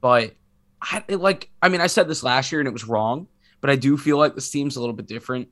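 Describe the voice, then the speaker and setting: A man's voice: medium pitch, quick pace, a bit bright. A man who is sick, co-hosting a sports podcast in casual chat, rambling and self-mocking with many restarts. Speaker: podcast co-host.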